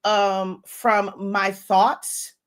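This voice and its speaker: A woman in her thirties, an online design instructor, giving a casual, chatty lesson, talking fast with laughs between phrases. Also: medium pitch, level tone. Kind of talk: casual teaching talk.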